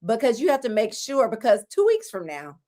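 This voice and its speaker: A woman co-hosting a podcast, telling a story in casual chat with animated, teasing fussing. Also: fairly high pitch, fairly quick. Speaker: podcast co-host.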